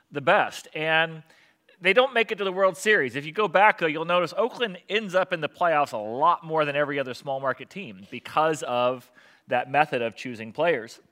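A male pastor giving a conversational sermon, often pausing with fillers. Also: on the high side, bright, forceful tone. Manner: conversational preaching with many fillers.

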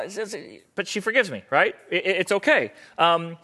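A man delivers a motivational talk to a live audience in a bright, ringing voice that sits a little high for a man. He is animated and acts out both sides of arguments in raised voices. He hammers his points home by repeating short phrases. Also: fast, hardly any pauses. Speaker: speaker on stage.

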